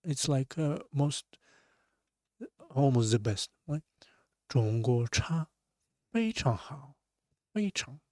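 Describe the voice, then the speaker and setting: Male language teacher, slow deliberate drills with swooping tones; dry recording. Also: medium pitch, very animated, darkish tone, no echo. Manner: repeats each word slowly, drawn-out Chinese tones. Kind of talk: slow language lesson explaining words.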